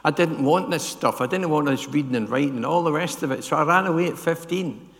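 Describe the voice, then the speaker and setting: This older man's sermon comes in a slightly high, brisk voice with a fairly bright tone, echoing in a large hall. He frequently quizzes the congregation and adds "yeah?" to his lines.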